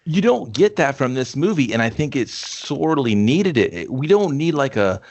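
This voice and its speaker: A man's voice: medium pitch, normal speed. A man co-hosting a casual movie review talk, animatedly acting out scenes with swearing and laughter. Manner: animated, acts out characters with profanity and laughter. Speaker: podcast co-host.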